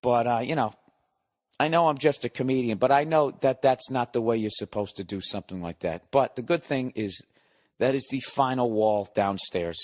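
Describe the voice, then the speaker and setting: A man's voice: medium pitch, moderate pace, darkish tone. Man ranting profanely on a podcast. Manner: exasperated, sarcastic. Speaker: comedian, podcast host. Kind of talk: casual monologue.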